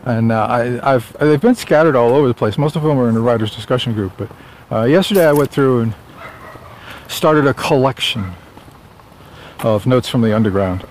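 A man's voice: mid-range voice, moderate pace, darkish tone, slight background noise. A man talking casually while out walking, chatty and rambling, a bit out of breath. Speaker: author vlogging on a walk. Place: outdoors on a sunny suburban street.

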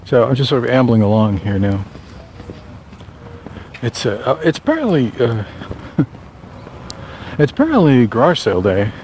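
A novelist rambles casually while walking along a town street, with faint traffic in the background. His mid-range, somewhat mellow voice swings widely in pitch at a normal speed with frequent pauses. He drifts between thoughts, often corrects himself and drops dry, wry asides.

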